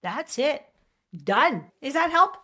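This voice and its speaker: A woman with a French accent hosting a show and coaching guests, energetic and often checking in with "right?". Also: high voice, slow. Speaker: host and acupuncture coach. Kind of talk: coaching advice in a video call show.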